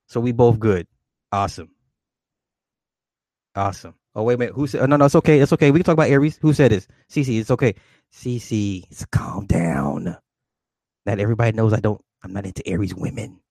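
A man hosting a livestream, answering viewers' questions in a loose, profane, rambling way and jumping up in pitch when he greets people. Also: brisk, vocal fry, dark tone, no echo. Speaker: livestream host reading chat. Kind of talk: casual livestream chat.

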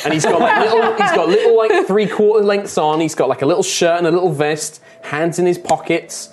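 A man's voice: high-pitched, very animated, brisk, a little hiss or hum. A man narrating a tabletop game as game master, casual and hesitant.

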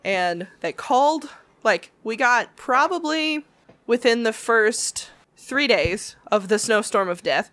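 A woman's voice: a little high, lively intonation, takes it slowly, fairly bright tone, no echo. A woman co-hosting a podcast, telling rambling, laughing stories and acting out the customers in them. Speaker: podcast co-host. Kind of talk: casual storytelling chat.

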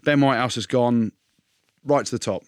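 A man co-hosting a podcast, swapping stories in loose, joking banter. He acts out the people in his anecdotes with quick shifts of voice. His voice sits at an ordinary middle pitch, and the room sounds dry. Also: dry recording. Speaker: podcast co-host. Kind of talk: casual banter, storytelling.

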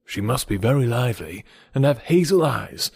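A man voicing a charming young gentleman who talks in a lively, teasing way. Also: mid-range voice, moderate pace, gravelly, breathy edge, no room sound, studio quality, heavily acted.

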